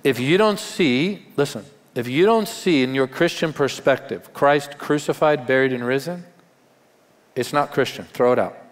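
A man's voice: mid-range voice, moderate pace. A man, a pastor, preaching a live Sunday sermon in a conversational, emphatic way with wry humor. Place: large church auditorium. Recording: long hall reverb in live church.

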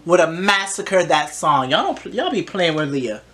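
A woman's voice: fairly low pitch, very animated, moderate pace, a bit bright, soft background music. A woman giving casual reaction commentary on a TV singing show, talking back to the screen with sass. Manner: sassy, talks back to the screen. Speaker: reaction vlogger.

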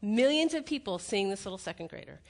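A woman's voice: mid-range voice, quick pace. A middle-aged woman giving a motivational keynote on stage before a live audience, telling stories and acting out the quotes. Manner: animated storytelling, acts out quotes, laughs at own jokes.

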